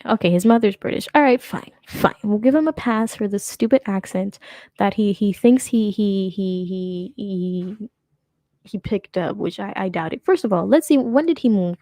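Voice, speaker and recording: A woman's voice: mid-range voice, normal speed, mellow, dry recording, studio quality. A young woman hosting a casual reaction commentary, sarcastic and rambling, often laughing as she talks. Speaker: commentary host.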